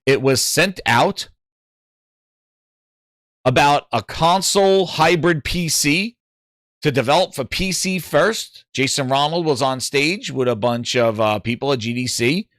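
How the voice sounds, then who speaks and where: A man with a New York accent hosting a casual gaming livestream, animated and jokey, repeating words for emphasis. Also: fairly high pitch, unhurried, dry recording, clean studio sound. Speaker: livestream host.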